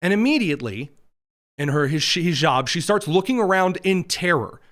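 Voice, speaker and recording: A man's voice: sits high, lively intonation, normal speed, fairly bright tone. A man hosting a political commentary livestream from a studio, talking with sarcastic, mocking asides. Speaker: host.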